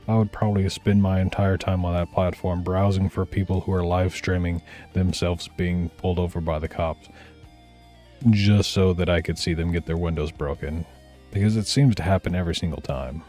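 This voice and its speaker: A man's voice: deep voice, fairly even intonation, moderate pace, dark tone, faint music behind. A man giving dry, mocking commentary over a video on a live stream. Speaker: streamer reacting to police videos.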